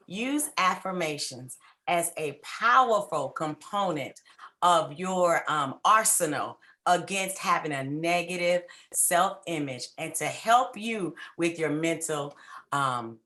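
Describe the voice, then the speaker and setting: A woman's voice: deep voice, lively intonation, takes it slowly, pushed and bright. A woman giving a fervent, preacher-like motivational talk, coaxing listeners on a video call. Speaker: speaker at a women's symposium.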